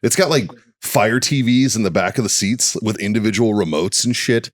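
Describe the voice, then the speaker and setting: A man with a lowish voice trades jokes on a podcast, blunt and quick to swear. The sound is dry and close, with no room around it. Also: no room sound. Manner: blunt, profane, joking. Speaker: podcast co-host. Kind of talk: casual banter.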